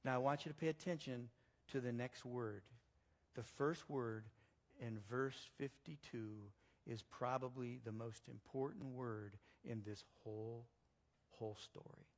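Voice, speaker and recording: A male pastor preaching a sermon in a church, telling stories in an animated way that swings between loud and soft. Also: mid-range voice, a little slow.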